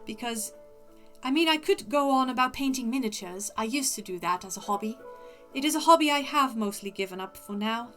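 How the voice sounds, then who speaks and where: Woman doing a posh proper lady, formal deliberate diction, a bit high, faint music behind. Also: bright, forceful tone. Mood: prim. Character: prim posh upper-class lady, proper and composed. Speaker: livestreamer.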